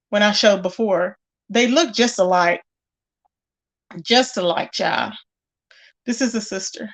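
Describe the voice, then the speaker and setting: A woman hosting a casual live stream, chatting straight to her viewers and exclaiming as she goes. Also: a little high. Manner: chatty, addresses viewers directly, exclaims often. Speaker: livestream gossip host. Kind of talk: casual live-chat commentary.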